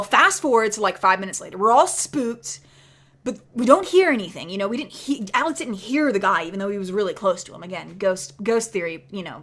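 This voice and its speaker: A woman telling a spooky story in a chatty, animated way, dropping into whispers for the scary parts. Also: medium pitch. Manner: chatty, many fillers of "like". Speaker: vlogger. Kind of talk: casual storytelling.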